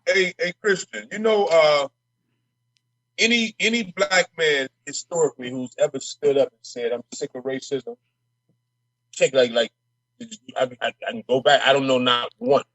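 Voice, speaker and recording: On this casual podcast, the guest is a male state representative with a Minnesota accent who talks at medium pitch and a moderate pace in a fairly bright tone. Fired up and brash, he trips over and repeats words. The audio has no room sound and the highs are cut off.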